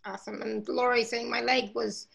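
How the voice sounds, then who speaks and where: A woman hosting a live call, reading out viewer comments in a casual, reassuring, chatty way, her throat catching and gravelly. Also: fairly high pitch, flat delivery, normal speed, a bit bright. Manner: reassuring, chatty, with many fillers. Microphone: video call.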